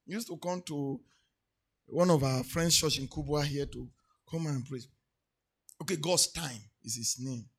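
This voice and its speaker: A man with a Nigerian English accent preaching a sermon, moving from quiet asides to shouted, sing-song declarations. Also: on the high side, a little slow, gravelly, pauses often, breathy edge. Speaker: pastor.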